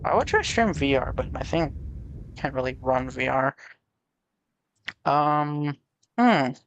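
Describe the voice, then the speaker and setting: A tired streamer from Canada talks in a loose, wandering way during a live game stream. The talk drifts and stalls on hesitant fillers, and the voice sits at a middling pitch. A faint background hum runs underneath. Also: animated, slow. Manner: rambling, trailing off, hesitant. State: tired, sleepy. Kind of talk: casual live-stream chat.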